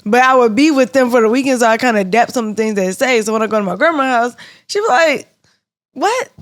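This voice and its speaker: A woman's voice: on the high side, rapid-fire, dry recording. Southern woman with a Georgia accent, casual podcast co-host, laughs easily, dry close mic. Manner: storytelling, laughs often, many "like" fillers. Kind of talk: casual chat.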